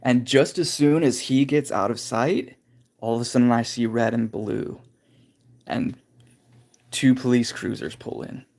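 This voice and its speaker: A man's voice: mid-range voice, steady tone, unhurried, creaky, darkish tone. A man hosting a casual livestream, telling a rambling childhood story with fillers, self-corrections and quoted dialogue. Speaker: livestream host.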